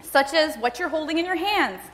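A woman doing a serene, devout older sister, her voice lifted noticeably higher than the reader's own. She speaks calmly and matter-of-factly, urging gently, and the words ring out with a long hall reverb. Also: normal speed. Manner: calm, matter-of-fact, gently insistent.

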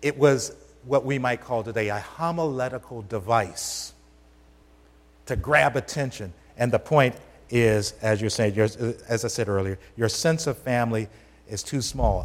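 A man's voice: medium pitch, a little slow. A man preaching a sermon to a congregation in a conversational, emphatic way, often asking them questions. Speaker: pastor. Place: church sanctuary. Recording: long hall reverb.

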